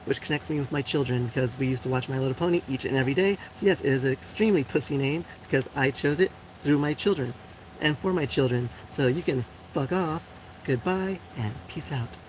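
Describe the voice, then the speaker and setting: On a rough recording with slight background noise, a woman speaks in a brisk, somewhat mellow bass voice. She's a Puerto Rican live show host in her forties, chatting casually with her viewers, bluntly answering comments and laughing frequently between lots of fillers.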